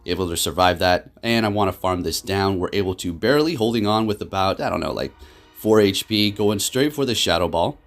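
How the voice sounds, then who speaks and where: A low-pitched man hosts his gaming channel, giving excitable live commentary on his matches. His mood flips quickly between frustration and laughter.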